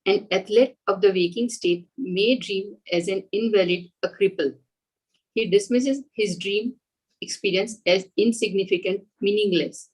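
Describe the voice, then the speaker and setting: A woman student reading a passage aloud in class, steady and careful with small slips. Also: mid-range voice, measured pace, breathy edge, poor audio.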